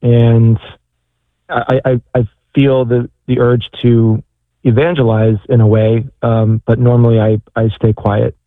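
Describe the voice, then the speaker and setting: A man calling in to an advice show, talking hesitantly with many pauses and restarts. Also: mid-range voice, little pitch movement, no echo. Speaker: caller. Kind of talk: phone-in conversation. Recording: dry, tinny phone line.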